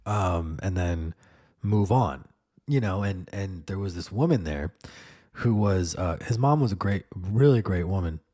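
A man's voice: low-pitched, unhurried, mellow. A man hosting a podcast, rambling through a casual monologue with lots of fillers and swearing. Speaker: podcast host.

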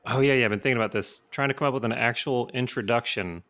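Man, mid pitch, podcast co-host, hesitant casual chat. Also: fast talker, a bit bright.

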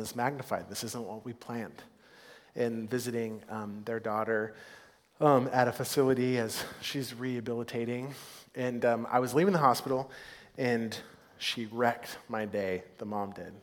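Earnest pastor preaching in a reverberant hall. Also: male voice, lowish voice. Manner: earnest, swings from soft and hushed to upbeat and loud. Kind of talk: sermon. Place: church sanctuary.

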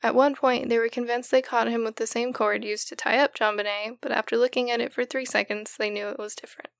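A woman's voice: on the high side, level tone, fast talker, vocal fry, no echo, clean studio sound. A woman co-hosting a podcast, teasing her co-hosts in casual chat and reading scripted case narration. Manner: teasing, reads case notes.

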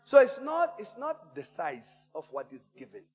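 A pastor preaching a sermon, animated and theatrical, moving from quiet asides to shouts. His voice sits high and leaps across a wide range. Long reverb from the church hall trails behind him. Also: moderate pace, husky. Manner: animated storyteller, call-and-response, swings from hushed to shouting. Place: church auditorium.

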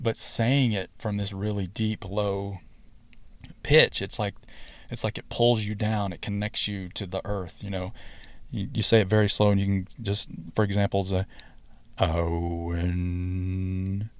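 A man's voice: lowish voice, dry recording. A man hosting a spiritual podcast, talking casually with many fillers and restarts. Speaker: podcast host.

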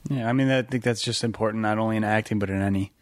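A man's voice: on the low side, steady tone, very fast. A man hosting a podcast in a studio, easygoing and affirming, with a loose chatty way of talking. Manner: affirming, easygoing, many fillers. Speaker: podcast host. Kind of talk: casual podcast interview.

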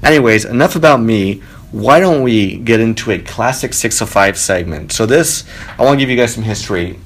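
A man hosting his own podcast from a home studio, telling a story casually, animated and swearing freely. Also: on the low side, a little fast. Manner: animated, swearing, quotes people with raised voice. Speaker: podcast host. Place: spare bedroom home studio. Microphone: home studio mic.

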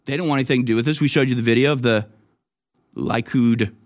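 A man's voice: medium pitch, fairly even intonation, racing. A man hosting online news commentary, reacting to clips in an indignant manner with sudden exclamations. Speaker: political commentary host.

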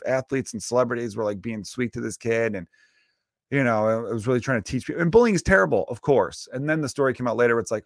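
A man hosting a comedy podcast, rambling in a casual monologue, cursing freely and bursting into loud acted-out voices, speaking close to the mic. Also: medium pitch, lively intonation, fast, no room sound.

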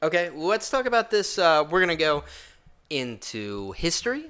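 A man's voice: a little high, very animated, normal speed, a bit bright, clear, resonant tone. A man in casual chat, defending provocative takes with mock conviction. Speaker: podcast co-host.

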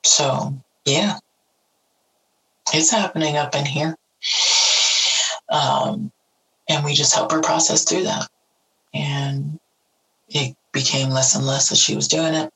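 A woman with a deep, slightly bright voice speaks earnestly and with feeling about parenting teenagers, acting out little quoted voices along the way. A parent sharing advice in a casual, heartfelt talk, she keeps a steady tone at a slow pace with long pauses. The mic is distant and the recording rough.

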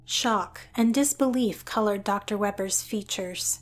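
Storyteller, a woman. Even, descriptive reading, slightly high. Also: measured pace. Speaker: narrator. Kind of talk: scripted story narration.

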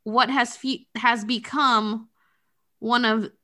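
A woman's voice: on the high side, fairly even intonation, slow pace, pushed and bright. A woman hosting a podcast, recapping a movie in a chatty, sarcastic way with lots of swearing. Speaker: podcast host. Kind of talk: casual chat recapping a movie.

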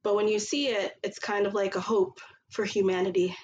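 A woman's voice: medium pitch, flat delivery, brisk, a little mellow, muffled recording, slight background noise. A woman hosting a podcast, talking earnestly in casual chat with many fillers. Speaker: podcast host.

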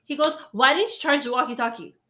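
A woman tells a long story in casual chat, her voice sitting a little high. She rambles, filling every pause with fillers and breaking into laughs as she goes. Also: bright, forceful tone, slight background noise. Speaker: storyteller guest.

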